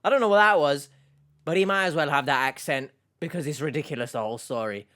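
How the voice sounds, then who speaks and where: A man's voice: on the high side, quick pace, a bit bright. A man giving sarcastic, exasperated reaction commentary on a video clip.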